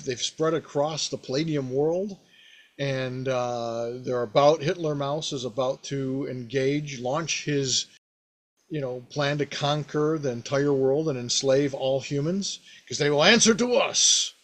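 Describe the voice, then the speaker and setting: A man hosting a podcast, casually recounting a tabletop game he ran, rambling and animated with many fillers. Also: medium pitch, unhurried. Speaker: podcast host, game master. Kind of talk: casual storytelling about a past game.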